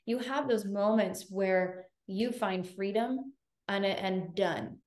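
Woman, mid-pitched voice, podcast host, earnest reflective talk, roomy echo. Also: slow pace, a little mellow. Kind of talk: casual conversation.

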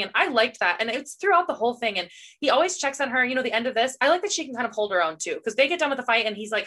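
A woman talking fast and eagerly as a podcast co-host, gushing about characters and scenes. Her voice is bright and fairly high, and she throws in playful groans of disgust. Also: animated. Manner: quick, enthusiastic, reacts with playful disgust sounds. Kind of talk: casual book chat.

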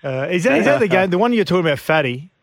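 A man hosting sports radio speaks quickly and eagerly in a rather high voice. The sound is dry and close, and he throws in his questions with a jokey edge. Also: very animated, gravelly, no room sound. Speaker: radio host.

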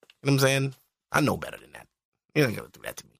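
A man hosting a podcast alone, ranting loudly and profanely in disbelief. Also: mid-range voice, huge pitch swings, rapid-fire, vocal fry, a little hiss or hum. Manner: loud, profane, incredulous ranting. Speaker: podcast host. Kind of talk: ranting solo podcast commentary.

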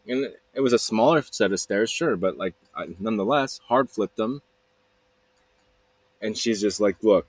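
Low husky man telling a rambling story. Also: brisk, no echo, rough recording. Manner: rambling, laughing, repeats himself, acts out others' lines. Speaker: podcast host. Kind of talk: casual storytelling monologue. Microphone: close podcast mic.

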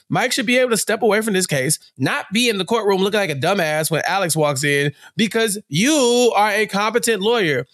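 A man co-hosting a podcast, recapping a TV episode in casual chat, animated and sassy, scolding the characters directly. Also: high voice, fairly quick, hardly any pauses, no echo, studio quality. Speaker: podcast co-host.

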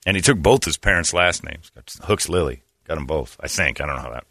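A man in his thirties in a casual comedic chat, mocking and quick to slip into high falsetto voices for people in his stories. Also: expressive, sharp tone, no echo, clean studio sound. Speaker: podcast co-host.

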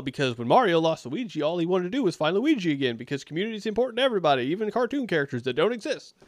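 Dude tearing apart a sermon, sarcastic and kinda rambly, voice bounces all over, super dry sound. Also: male voice, a little high, a bit bright, no echo. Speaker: sermon reviewer. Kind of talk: critical commentary.

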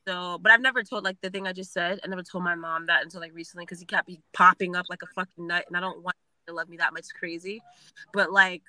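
A woman's voice: fairly low pitch, no room sound, poor audio. A young woman telling a story bluntly, with plenty of swearing. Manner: blunt, profane, animated. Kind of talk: casual storytelling.

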